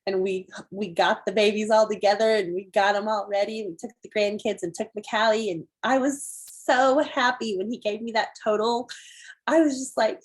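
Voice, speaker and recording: A middle-aged woman gives a chatty, excitable testimony on a video call and acts out her own reactions. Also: a little high, brisk, husky, poor audio. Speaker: team member giving a testimony.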